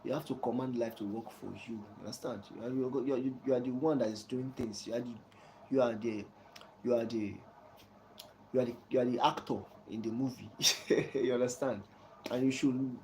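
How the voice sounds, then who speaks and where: Guy preaching life advice, mellow voice, keeps asking you understand, faint hum behind. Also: mid-range voice, fairly even intonation, moderate pace, poor audio. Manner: soft chuckles between points. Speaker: channel host giving life advice. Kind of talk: casual advice talk to a viewer.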